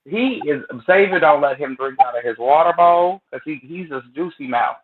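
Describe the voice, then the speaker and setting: A man with a fairly high voice chats with blunt, anecdotal stories. He sounds thin and tinny, like he is on a phone line. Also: expressive, normal speed. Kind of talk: casual chat.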